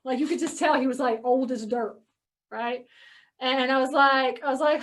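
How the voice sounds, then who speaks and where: Speaking at a measured pace in a high, slightly bright voice on a distant mic, a woman casually tells an audience about buying storage facilities. The Georgia, US real estate investor chats along with plenty of "like" and "okay?" and acts out her calls at the meeting.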